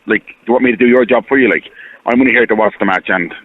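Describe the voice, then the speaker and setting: An Irish man speaks fast over a tinny phone line. He rambles, repeats himself and sounds earnest and hurt. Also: mid-range voice, dry recording. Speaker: caller. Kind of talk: phone-in radio call.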